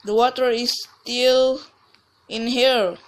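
A woman talks her way through a video game in unhurried, casual commentary. She rambles, repeats herself and often stops partway through a thought before starting over. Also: a little high, fairly even intonation. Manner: rambling, restarts and trails off mid-sentence. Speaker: let's play gamer.

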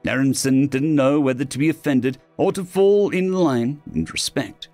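A man narrating a science fiction story in an expressive, scripted way. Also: medium pitch, moderate pace, dry recording. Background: faint music.

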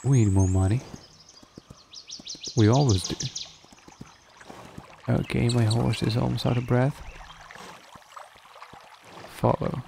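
Playing a strategy game, this man thinks out loud with many ums, reads the on-screen prompts and comments casually for his gaming videos. His mid-range voice is gravelly and slow, with frequent pauses and background noise.

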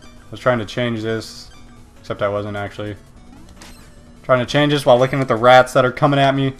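A man's voice: medium pitch, a little fast, soft background music. A man casually commenting on his own gameplay, yelping and swearing at his failures and mocking other gamers. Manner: excitable, yelps and swears at failures. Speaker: let's play gamer.

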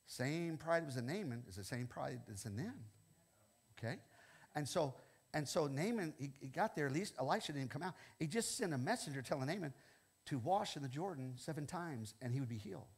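An older male pastor delivering a sermon, animated and quick to laugh. His husky voice sits high and bright. His pitch climbs and drops widely as he preaches. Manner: animated, repeats "okay?" often, laughs between lines.

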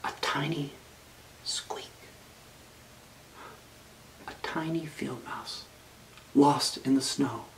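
Male pastor, story time in a sermon, unhurried and expressive. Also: medium pitch, in a whisper, low-quality recording. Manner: expressive read-aloud storytelling.

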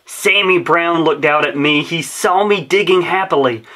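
A man's voice: a little high, moderate pace, pushed and bright. A man reading a rhyming children's story aloud in a rhythmic, sing-song way. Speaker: storybook reader.

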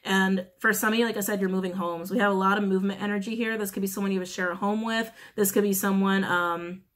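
A woman giving a casual tarot reading in a blunt, frank manner, cursing freely when annoyed. She repeats her key phrases over and over and often stops to clear her throat. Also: medium pitch, fairly even intonation, fast. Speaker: tarot reader.

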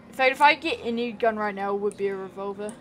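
A woman streaming a video game, chatting casually, teasing and yelling at other players. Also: medium pitch, fast, a little hiss or hum, rough recording. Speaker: livestreamer. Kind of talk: casual gaming livestream chat.

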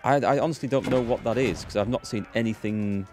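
A man's voice: mid-range voice, fairly quick, music in the background. A man giving casual, rambling commentary while he plays a strategy game, thinking aloud with a self-deprecating humour. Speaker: let's play host.

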